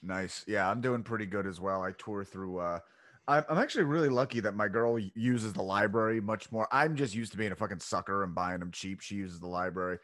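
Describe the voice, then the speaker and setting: A man's voice: lowish voice, fairly quick, a bit bright. A man hosting a podcast in casual chat, loose, rambling and profane. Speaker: podcast host. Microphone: home podcast mic, separate channel.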